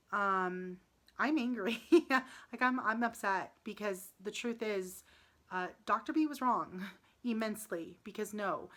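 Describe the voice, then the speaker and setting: A woman in her late thirties speaks to the camera in a casual vlog. She sounds upset and close to tears, restarts her sentences often and fills the pauses with ums. Her voice sits at a middle pitch. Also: fairly bright tone. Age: 30s. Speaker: vlogger.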